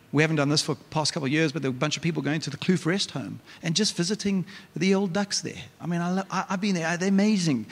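A male pastor, preaching a lively, conversational sermon with frequent restarts. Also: a little high, gravelly. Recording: reverberant church hall.

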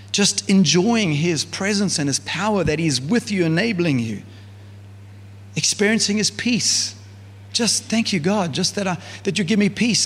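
A man preaching as a pastor, in a relaxed, conversational style full of fillers and asides. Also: sits high, slightly rough. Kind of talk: sermon. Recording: church hall with long reverb.

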